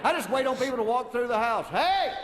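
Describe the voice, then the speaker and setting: A man's voice: very high voice, fairly even intonation, quick pace. A middle-aged male comedian telling wry stories in a stand-up routine on a live stage. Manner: wry storytelling. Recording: echoey hall with crowd noise.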